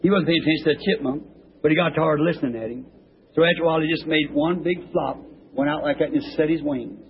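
A man preaching a sermon in a rambling, homespun storytelling way, breaking into high excited shouts, heard on a dull old tape recording with faint hiss. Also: fast talker, breathy edge. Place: church.

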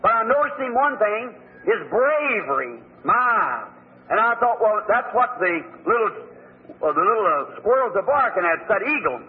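Male preacher, very high-pitched, fervent and plain-spoken; tinny phone-like old recording. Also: very animated, moderate pace. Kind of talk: sermon.

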